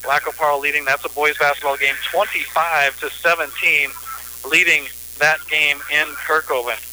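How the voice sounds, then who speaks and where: Bright-voiced man calling local radio sports. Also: fairly high pitch, fairly even intonation, moderate pace, a little hiss or hum, poor audio. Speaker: play-by-play sports announcer.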